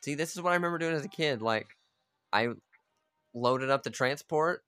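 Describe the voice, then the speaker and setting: This gamer's voice sits a little high and moves at normal speed, sounding pushed, bright, clear and resonant in a dry space with soft music underneath. Chatting away and cursing freely, he narrates his strategy game and tells his units what to do.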